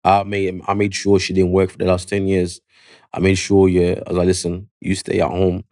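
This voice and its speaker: A man with a London accent, a barber telling his story in a casual podcast interview, slangy and animated, full of "yeah" and "you know what I mean". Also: deep voice, a little fast, no room sound, studio quality. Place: podcast studio.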